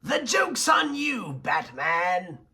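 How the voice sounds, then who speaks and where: A man voicing a manic male supervillain clown, taunting in a high, shrill voice with wild shouting laughs. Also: big pitch swings, takes it slowly, full character voice. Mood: gleeful.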